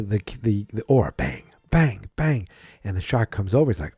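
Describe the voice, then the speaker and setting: A man's voice: on the low side, big pitch swings, moderate pace, warm tone, breathy edge, no room sound, clean studio sound, faint music behind. A man casually recapping a film on a podcast, acting out the characters' lines in mocking voices. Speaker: podcast host.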